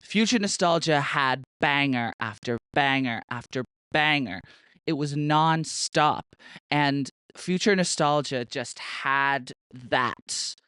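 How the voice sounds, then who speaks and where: A man's voice: mid-range voice, slow pace, sharp tone, clean tone, dry recording. A young man hosting a podcast in casual chat, chatty and gushing, peppered with fillers and swearing. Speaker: podcast host.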